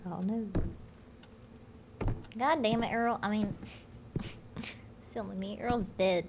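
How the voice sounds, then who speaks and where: A woman's voice: medium pitch, steady tone, slow. A woman streaming a game, chatting and joking with exclaimed lines and muttered asides. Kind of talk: casual game stream chat. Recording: noisy stream audio.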